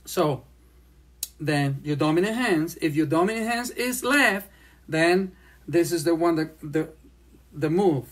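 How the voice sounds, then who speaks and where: Slow-paced sign language teacher. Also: mid-range voice, expressive. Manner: speaks slowly, repeats phrases while demonstrating signs. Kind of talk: slow classroom lesson.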